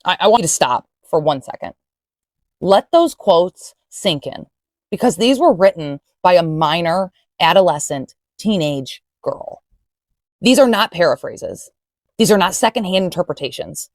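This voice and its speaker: A woman's voice: lowish voice, animated, unhurried, darkish tone, dry recording, clean studio sound. A woman reading quoted lines and commenting on them in an earnest, emphatic way.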